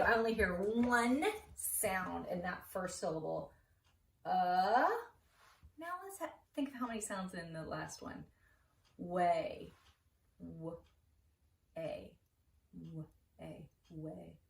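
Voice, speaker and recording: A woman teaching a spelling lesson to a class, slowly sounding out letters and syllables. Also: medium pitch, a bit bright. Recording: roomy, distant mic with faint noise.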